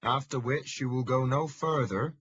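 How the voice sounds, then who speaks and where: A man's voice: mid-range voice, moderate pace, fairly bright tone, breathy edge, pitched above the performer's own voice. A man voicing a weather-beaten countryman by the road who gives a blunt, dry remark in a slightly dull lo-fi recording. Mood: wry.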